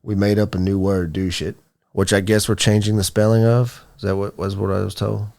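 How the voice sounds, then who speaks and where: A man's voice: on the low side, little pitch movement, brisk, creaky, darkish tone. A young man co-hosting a casual podcast, ranting with lots of profanity. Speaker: podcast co-host. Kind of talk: casual stoner chat.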